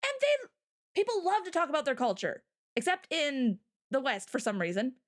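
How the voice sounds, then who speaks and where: A woman co-hosting a casual livestream chat, talking in an animated, heated way and acting out quoted voices. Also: sits high, normal speed. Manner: heated, ranting. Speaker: co-host.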